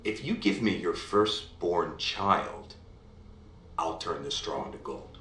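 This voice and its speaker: A man voicing a scheming little male imp in a bedtime story, dropping low and sly, in a roomy room. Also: expressive, takes it slowly, sharp tone, a little hiss or hum, exaggerated voice. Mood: menacing. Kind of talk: bedtime story, acted out by a parent.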